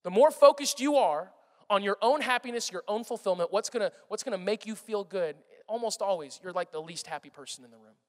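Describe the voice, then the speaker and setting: Pastor, male, high voice, lively sermon that swings from loud to hushed, big echoing hall. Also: a little fast. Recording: long reverb of a large hall.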